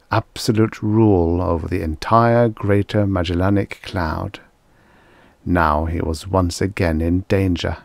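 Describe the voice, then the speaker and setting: Slow, gravelly male audiobook narrator. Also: low voice, darkish tone, no room sound. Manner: measured, deliberate reading.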